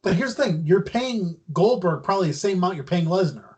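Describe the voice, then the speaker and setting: A man with a husky, slightly high voice speaks bluntly in a loose podcast chat. He swears casually and doesn't soften his points. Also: expressive, a little fast. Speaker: podcast co-host.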